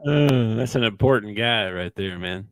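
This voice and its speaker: A man's voice: lowish voice, normal speed, no echo. A man hosting a podcast in easygoing, joking casual chat. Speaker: podcast host.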